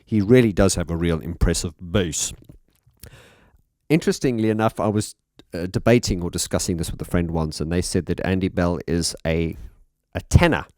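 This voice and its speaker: A man's voice: low voice, moderate pace, dry recording, studio quality. A man analysing a song as a music teacher, talking thoughtfully and with enthusiasm. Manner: thoughtful, warm enthusiasm, sings short demonstration phrases.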